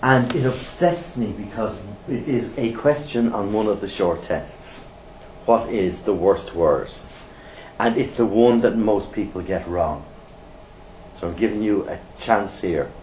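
A middle-aged man teaching a training course, blunt and lively, firing rhetorical questions at the room. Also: fairly low pitch, measured pace. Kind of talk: classroom teaching. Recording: roomy echo, faint background noise.

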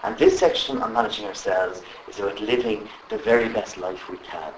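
A man leading a live workshop, animated and constantly asking the group questions. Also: lowish voice, fairly quick, far from the mic, a little hiss or hum. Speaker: trainer. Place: training room with live audience. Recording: echoey room with faint ambience.

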